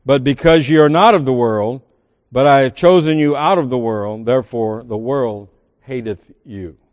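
A man's voice: medium pitch, moderate pace, a little mellow, long reverb tail. A man preaching a sermon as pastor, reading scripture aloud with emphatic swells and sudden drops. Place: large church sanctuary.

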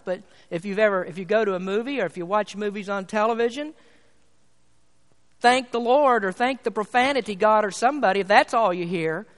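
High-voiced preacher in a reverberant church. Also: male voice. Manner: emphatic, rises and falls in volume. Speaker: pastor. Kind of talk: sermon. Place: church sanctuary. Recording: long hall reverb.

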